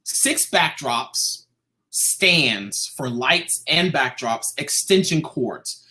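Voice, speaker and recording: A man, a guest artist in an interview, telling a personal story in a lively, casual way. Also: mid-range voice, drawn-out words. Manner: animated, acts out quoted voices.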